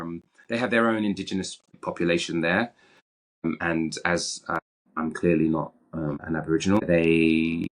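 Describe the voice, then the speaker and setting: A British actor speaking as a guest in an interview, frank and animated, often restarting his sentences. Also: sits low. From Britain. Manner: frank and animated, with many repeated starts. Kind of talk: candid interview conversation.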